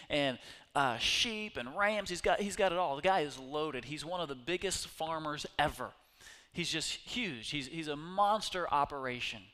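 Bright-voiced, animated male pastor preaching. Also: a little high. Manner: animated, conversational, addressing the congregation directly. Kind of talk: sermon.

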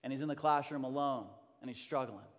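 A man in his thirties preaching a sermon as a pastor, impassioned and emphatic, dropping to a hush and then rising loud again. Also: medium pitch, fast talker. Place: church sanctuary. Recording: long hall reverb.

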